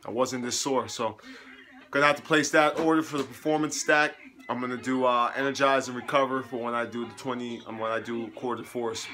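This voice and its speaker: A man's voice: mid-range voice, steady tone, a little fast, sharp tone. A young man vlogging at home after a hard workout, sweaty and tired, talking in an upbeat, chatty, motivational way as a fitness coach. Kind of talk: casual motivational vlog. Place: home living room.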